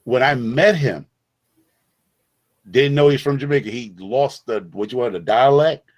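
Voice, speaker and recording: A middle-aged man from the Bronx, New York, guests on a casual conversation, telling stories emphatically with lots of repetition and restarts. His voice is mid-range, unhurried, and a little mellow.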